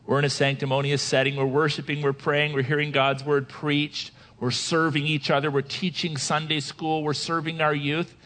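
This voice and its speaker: A man preaching a sermon as pastor, animated, asking his listeners questions and acting out quoted voices. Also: on the high side, normal speed, hardly any pauses.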